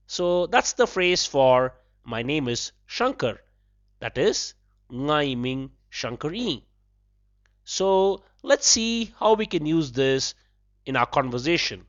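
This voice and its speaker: Male podcast host, slow-paced language lesson, melodic delivery, slightly dull lo-fi sound. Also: mid-range voice, fairly bright tone. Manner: measured, repeats phrases slowly and breaks them into syllables.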